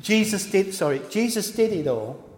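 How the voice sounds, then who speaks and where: A man's voice: sits high, big pitch swings, normal speed, a little mellow. A man preaching a sermon in an informal way, often stopping to correct himself and apologise. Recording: echoey hall with long reverb.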